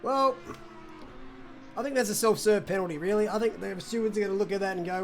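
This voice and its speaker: An Australian man commentating a live sim race stream, excitable, swearing now and then, jumping between loud outbursts and quiet asides. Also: high-pitched, fairly quick, soft background music. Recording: noisy stream audio.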